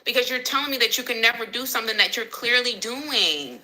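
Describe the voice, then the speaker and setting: A woman's voice: fairly high pitch, expressive, a little fast, pushed and bright, poor audio. A woman hosting a casual livestream, speaking candidly and emotionally and answering viewers as she vents about her marriage. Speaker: livestream host.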